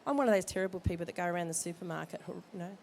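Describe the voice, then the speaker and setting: Woman, midwife, head cold, mellow voice, joking advice, expo hall, faint background noise. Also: on the low side, very fast, creaky. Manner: chatty, jokey, direct advice. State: has a cold. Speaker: midwife speaker at a baby expo. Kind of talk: informal talk to expectant parents.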